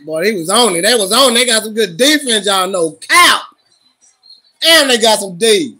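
A man livestreaming his reactions to a football game, loud and profane, cheering on and scolding his team. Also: high voice, lively intonation, normal speed, breathy edge. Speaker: livestream host.

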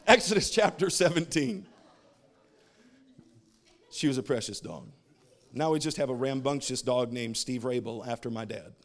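A man's voice: medium pitch, animated, normal speed, long pauses. A man in his thirties preaching a sermon as a pastor, telling funny family stories and laughing at his own jokes.

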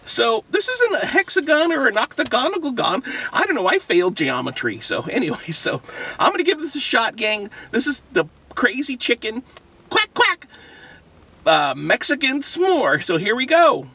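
Goofy, excitable male food reviewer. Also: very high-pitched, moderate pace, slightly rough, distant mic. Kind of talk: casual food review vlog.

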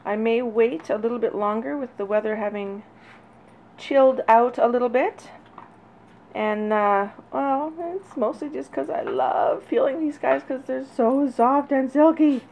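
A woman breeder talking casually and fondly while she films her puppies, now and then calling to them in a high sing-song. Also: expressive, a little slow, vocal fry, a little mellow. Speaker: dog breeder. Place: indoors near a puppy crate. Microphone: handheld camera. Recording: dull lo-fi audio with faint noise.

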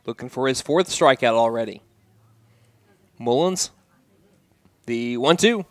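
A man working the booth for a hometown high school baseball broadcast. His voice sits in an ordinary middle range and keeps a steady, chatty pace between pitches. It jumps up sharply when a batter strikes out or gets hit. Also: takes it slowly, no room sound. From United States. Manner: steady conversational calls, rising sharply on big plays. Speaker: play-by-play radio announcer. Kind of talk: baseball play-by-play commentary.

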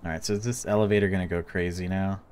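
A man's voice: deep voice, flat delivery, fast, darkish tone, a little hiss or hum. A man giving let's-play commentary on a horror game, jumpy and reactive, swearing when startled. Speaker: gaming YouTuber.

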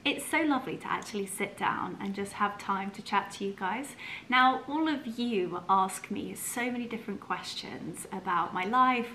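A woman vlogging, chatting warmly and gushingly to her viewers and her dogs. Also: medium pitch, moderate pace, a little hiss or hum. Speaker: lifestyle vlogger. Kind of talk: casual vlog chat to camera.

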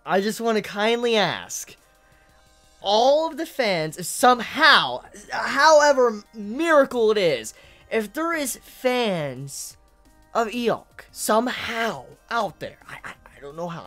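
A woman reviewing anime in an angry rant, swearing and exasperated, swinging from low muttering to loud outbursts.

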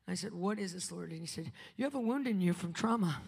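A woman preaching a live conference sermon, telling a testimony with dramatic swings between loud and hushed delivery. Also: lowish voice, lively intonation, fast talker, vocal fry, husky. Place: conference venue. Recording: preaching in a large reverberant hall.

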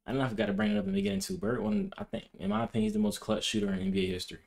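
A man's voice: lowish voice, racing, a little mellow. A man hosting a reaction video, chatting casually in loose, slangy, incredulous banter. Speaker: YouTube reaction host.

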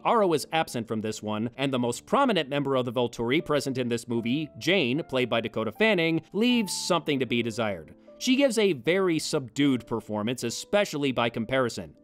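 Sarcastic guy doing a film review show, high-ish voice, really animated. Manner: sarcastic, wry asides. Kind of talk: scripted comedic film commentary.

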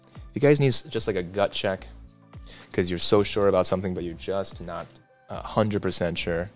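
Male streamer, low voice, laid-back chat reader, faint background music. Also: moderate pace. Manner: relaxed, reads chat aloud, chatty asides. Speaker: livestream host. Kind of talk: casual livestream chat reading comments.

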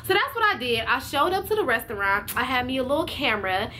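Sex: female. Role: vlogger. Style: animated storytime, slangy, addressing viewers. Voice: high. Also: quick pace, slight background noise. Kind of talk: storytime vlog.

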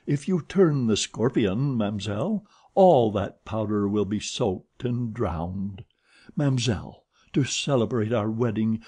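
A man reading an audiobook, voicing a menacing, deranged masked man who speaks slowly, deliberately and with cold mockery. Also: mid-range voice, mellow, husky, exaggerated voice. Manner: slow, deliberate and mocking.

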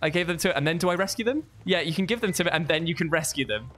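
Excitable gamer, lively pitch. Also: rapid-fire. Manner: excitable, talks others through the level. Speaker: co-host of a gaming livestream. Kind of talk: casual gameplay chat.

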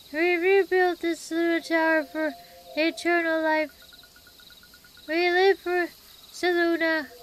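Woman reading as a slow-chanting cult devotee. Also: very high-pitched, fairly bright tone, heavily acted.

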